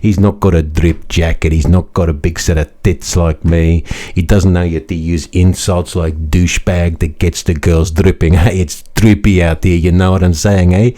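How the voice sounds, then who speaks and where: A man with a very low, mellow voice performs a crude, mocking parody monologue. His manner is bombastic and self-important as he hosts a crypto comedy channel. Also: fairly even intonation, normal speed, few pauses.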